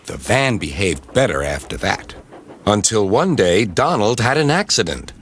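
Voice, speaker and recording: A man narrating a children's storybook, expressive and measured. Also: fairly low pitch. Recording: music playing underneath.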